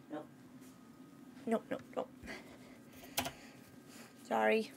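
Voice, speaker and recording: A woman's voice: fairly high pitch, slow, creaky, long pauses, heavy background noise. A woman streaming a game from home, chatting to viewers and her cat and crying out at the action. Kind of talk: live gameplay commentary. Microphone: desk microphone.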